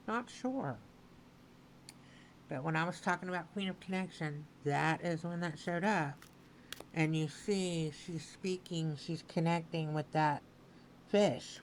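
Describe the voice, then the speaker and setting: A woman giving a spoken tarot reading, repeating her phrases slowly and with emphasis. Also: low voice, slight background noise, rough recording. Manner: slow, repetitive, affirming phrasing. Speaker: tarot reader.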